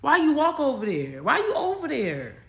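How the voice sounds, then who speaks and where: Woman host, casual livestream, bright forceful tone, repeats herself for emphasis. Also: high-pitched, huge pitch swings, moderate pace. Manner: emphatic, repetitive, talks straight at the audience; casual slang and swearing. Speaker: spiritual coach and astrology livestream host. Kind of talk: casual livestream talk to viewers.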